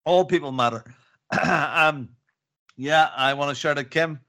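A man's voice: fairly high pitch, a little slow, pushed and bright. A man co-hosting a casual gaming podcast, joking and laughing a lot. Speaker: podcast co-host. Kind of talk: casual chat.

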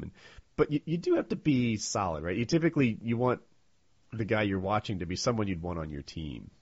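Husky low-voiced man, lively, lo-fi. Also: brisk, dry recording. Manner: rambling, explains with many restarts. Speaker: podcast co-host. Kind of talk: casual group chat. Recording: dull lo-fi sound.

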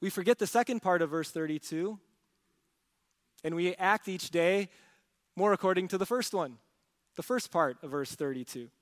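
A high-pitched man preaching a sermon, pressing his points with rhetorical questions and swinging from loud bursts to quiet asides. His voice carries a long reverb from a large church sanctuary. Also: animated, normal speed, long pauses. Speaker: pastor.

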